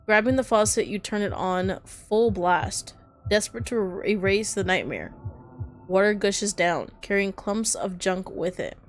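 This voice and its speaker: A woman's voice: mid-range voice, animated, a little slow, faint music behind. A woman streamer reading a horror visual novel aloud, with dramatic delivery broken by startled asides.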